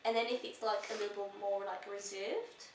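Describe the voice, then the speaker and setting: A woman's voice: mid-range voice, steady tone, a little fast, far from the mic, a little hiss or hum. A young woman chatting casually with a friend, giggly and full of "like". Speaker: vlogger. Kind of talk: casual chat. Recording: echoey room, camera mic from afar.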